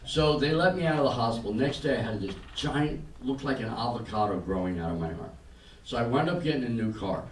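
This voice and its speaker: An older male comedian works a small club crowd, his voice carried through a roomy space and picked up from some distance off. He tells his stories flatly and drops into quick acted-out lines for the people in them. A faint hum of the room sits under him. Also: mid-range voice. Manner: deadpan storytelling with acted-out quotes. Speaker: stand-up comedian. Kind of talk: stand-up set. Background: audience laughter and room noise.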